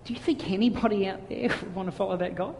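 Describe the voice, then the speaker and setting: A man delivers a sermon with lively, story-driven energy and slips into playful voices. His voice sits high for a man. The sound carries a long reverb, as if recorded in a large hall. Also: fast, gravelly, a little hiss or hum. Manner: animated storytelling, acts out voices. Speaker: pastor.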